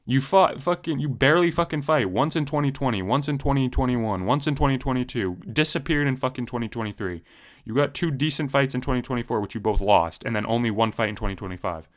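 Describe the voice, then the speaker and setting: Fast-talking young man ranting about fights. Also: mid-range voice. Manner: profane, heated, slangy, many fillers. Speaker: MMA commentary YouTuber. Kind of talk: casual ranting commentary.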